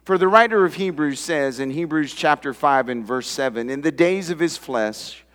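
A man's voice: lively intonation, normal speed, fairly bright tone. Preaching male pastor in reverberant hall. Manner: preaching with emphatic rises in pitch and volume. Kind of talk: sermon.

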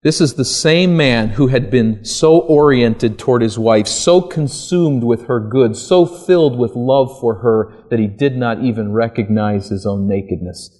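Male preacher, mid-pitched, sermon delivery that climbs to emphatic peaks. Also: a little slow, few pauses, a little mellow. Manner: rhetorical questions, rising to emphatic peaks.

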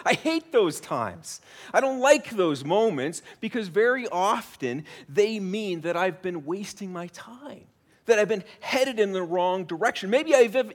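A middle-aged American man preaching from the pulpit, his voice sitting a little higher than most men's. He speaks with a chatty, self-deprecating style, as if talking with his congregation rather than lecturing them. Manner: conversational, self-deprecating humor. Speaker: pastor. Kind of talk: sermon. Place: church sanctuary.

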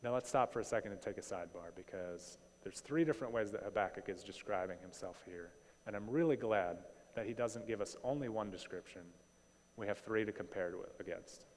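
A man preaching a sermon in a conversational, animated way, often asking rhetorical questions. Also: on the low side, fairly quick. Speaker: pastor. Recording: long hall reverb.

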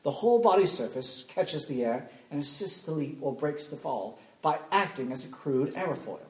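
A man reading a passage aloud in a put-on, deliberately awful English accent. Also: fairly high pitch, expressive, a little mellow, close to an everyday voice. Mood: mock formal. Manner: deliberately clumsy, overdone reading. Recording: echoey room.

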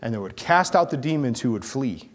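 Guy preaching, lively, acts out little voices, keeps asking the room stuff. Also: mid-range voice, a little fast. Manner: animated, acts out voices, asks the crowd questions. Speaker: pastor. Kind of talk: sermon.

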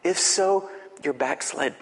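A man preaching in a church with a slightly high-pitched voice. He swings from loud, climbing exhortation down to hushed, slow emphasis. His words ring out with the long reverb of a large sanctuary. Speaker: pastor. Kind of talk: sermon.

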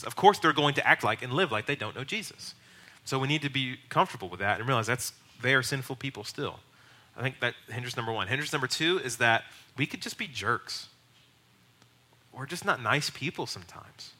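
A young male pastor teaching in an easy, conversational way and slipping into quoted voices. His tone is very bright and forward, and his pitch sits in the middle of the male range. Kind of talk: sermon teaching.

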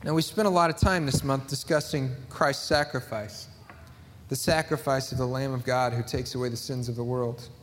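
A man's voice: medium pitch, steady tone, normal speed, in a large hall. A man preaching a sermon, reading scripture aloud and driving his points home with emphatic repetition. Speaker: pastor.

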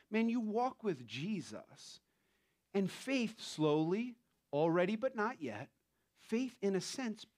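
A man in his thirties preaching a sermon in a relaxed, conversational way, telling stories with light laughter. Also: sits high. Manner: conversational, animated storytelling with laughs. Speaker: pastor.

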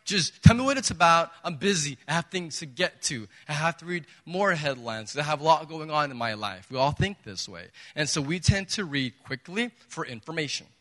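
A man's voice: on the high side, animated, moderate pace, hardly any pauses, fairly bright tone. Emphatic male preacher in a reverberant hall. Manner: emphatic, conversational preaching with rhetorical questions. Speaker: pastor. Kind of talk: sermon. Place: church sanctuary.

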